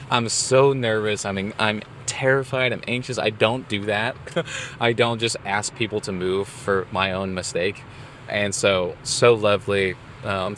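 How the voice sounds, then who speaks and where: A young man co-hosting a podcast, telling a story in casual chat, animated and acting out his own quoted lines. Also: on the low side, slight background noise. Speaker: podcast co-host.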